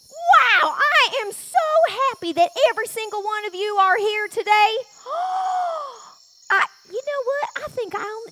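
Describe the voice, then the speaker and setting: A woman playing a bubbly, excitable lady with a pet snake, telling a story at a children's camp in a gushing, folksy way. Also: very high voice, noisy background. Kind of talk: children's ministry skit storytelling.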